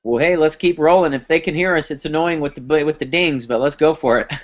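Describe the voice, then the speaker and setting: A man giving a live sales pitch on a conference call, telling stories and acting out the dialogue. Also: normal speed. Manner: storytelling, acts out dialogue. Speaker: company founder pitching product. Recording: muffled lo-fi recording.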